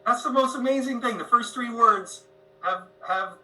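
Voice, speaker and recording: Bright upbeat male host, slightly distant. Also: very high voice, moderate pace. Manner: upbeat, chatty, quotes others in a loud voice. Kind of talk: hosting an online Q&A.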